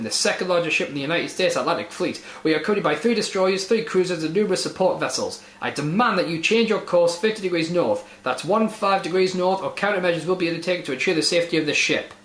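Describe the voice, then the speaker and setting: A man's voice: fairly high pitch, expressive, fast talker, a bit bright. A man voicing a self-important male US Navy captain who makes demands over the radio, in a roomy, echoey recording. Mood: imperious.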